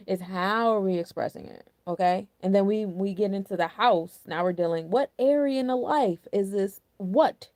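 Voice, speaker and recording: A woman's voice: mid-range voice, moderate pace, hardly any pauses, a little mellow, dry recording. A young woman hosting a casual astrology and numerology forecast, chatty and candid, full of loose slang and filler words. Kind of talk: casual spiritual forecast talk.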